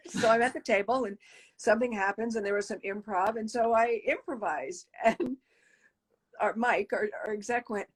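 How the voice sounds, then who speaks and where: A woman's voice: fairly high pitch, moderate pace, slightly rough. A woman puppeteer talking animatedly in an interview, laughing often and acting out quoted voices. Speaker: puppeteer guest. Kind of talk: casual interview chat.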